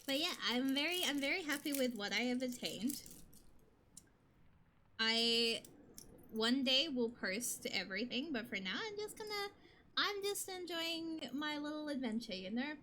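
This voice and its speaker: Young woman, streamer, bubbly rambling chat, bright sharp voice, slightly high, faint hiss behind. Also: lively intonation. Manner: bubbly, rambling, quick to laugh.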